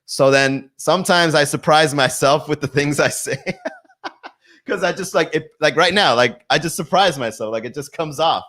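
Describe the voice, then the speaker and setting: A man's voice: fairly high pitch, normal speed, a bit bright. A young adult man doing comedy on a live stream from his garage, riffing loosely and laughing at his own jokes. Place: home garage.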